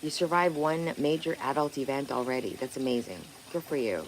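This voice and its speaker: Brisk and rumbling low, a woman livestreams casually from a pondside spot outdoors. She rambles, lets out the occasional swear, and answers viewer comments out loud. The audio quality is poor, and outdoor noise sits in the background.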